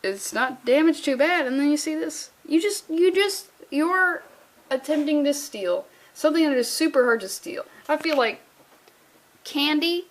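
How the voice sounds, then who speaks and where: A young woman reviewing a comic book in a casual vlog, sarcastic and profane, rambling as she talks. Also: sits high.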